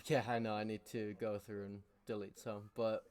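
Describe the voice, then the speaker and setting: A man hosting a casual voice chat, relaxed and mostly answering in short interjections. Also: lowish voice, moderate pace, clean tone. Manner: laid-back, short interjections.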